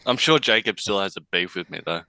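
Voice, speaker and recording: An Australian man joins a podcast as a guest, talking casually in a low voice with a bright, crisp edge. His replies are relaxed and brief, and the sound is dry. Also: fairly quick, no room sound.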